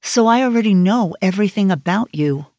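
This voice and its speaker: A woman's voice: medium pitch, lively intonation, a little fast, darkish tone, dry recording, natural voice. A woman narrator voicing a brusque woman FBI agent in an audiobook, in a clipped, blunt manner. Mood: probing. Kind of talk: audiobook character voice.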